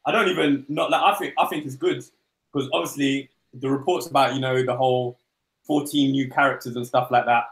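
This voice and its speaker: Guy rambling about comics, mid-pitch voice, roomy echo, throws in silly voices. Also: fairly even intonation, a little fast. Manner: rambling, acts out comic dialogue in goofy voices. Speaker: podcast co-host. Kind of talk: casual comic book chat.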